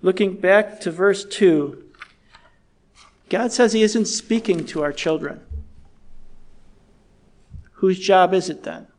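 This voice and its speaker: A middle-aged man preaching a sermon in a measured, earnest way, slowing down to stress key words. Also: sits high, darkish tone. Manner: measured, earnest, slows down for emphasis.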